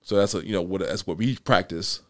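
Deep-voiced judge talking loosely. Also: male voice, fairly quick, no room sound, studio quality. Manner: rambling, many restarts and "you know" fillers. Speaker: county court judge, guest. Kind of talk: casual podcast conversation.

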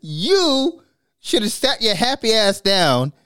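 A man co-hosting a casual chat, animated, swearing freely and laughing often as he talks. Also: sits high, takes it slowly, clear, resonant tone, dry recording, studio quality. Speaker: podcast co-host.

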